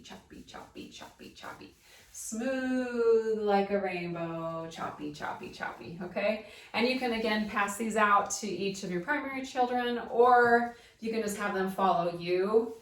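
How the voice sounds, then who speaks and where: A woman giving a casual, upbeat how-to lesson on children's singing activities, chatty and prone to friendly asides. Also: mid-range voice. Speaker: primary singing time teacher. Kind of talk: casual instructional talk. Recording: roomy, from a distance.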